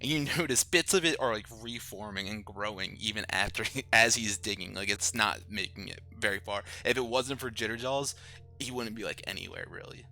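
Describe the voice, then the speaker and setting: A man's voice: fairly low pitch, brisk, gravelly, pushed and bright, soft background music. A man running and narrating a tabletop game in a loose, chatty way. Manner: loose, chatty, many fillers. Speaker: game master.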